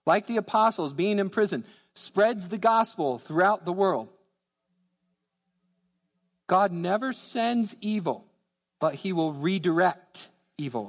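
A man preaching a sermon as pastor, emphatic and repetitive, dropping his voice low to stress key phrases, recorded in a church sanctuary. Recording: church hall with long reverb.

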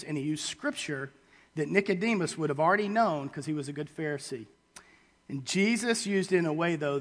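A man delivers a sermon, reading scripture and retelling it in casual, halting paraphrase full of restarts. His voice sits a touch high for a man. A long reverb trails each phrase, as in a large hall. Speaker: preacher.

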